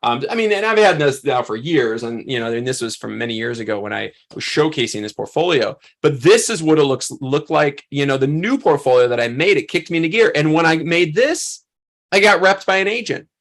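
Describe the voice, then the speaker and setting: Lively, bright-voiced male workshop instructor. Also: on the high side, a little fast. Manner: animated, acts out quoted voices, many fillers. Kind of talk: casual storytelling to a workshop group.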